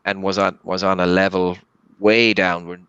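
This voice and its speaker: Halting man, bright deep voice. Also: flat delivery, smooth, no room sound, dull audio. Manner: halting, full of restarts and fillers, earnest. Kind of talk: casual chat. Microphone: video call.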